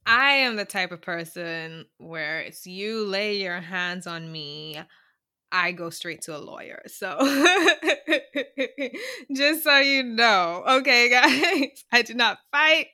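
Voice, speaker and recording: Bright, giggly woman co-host from Antigua. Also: medium pitch, lively intonation, slow, clear, resonant tone. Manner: giggly, chatty. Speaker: podcast co-host. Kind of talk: casual chat.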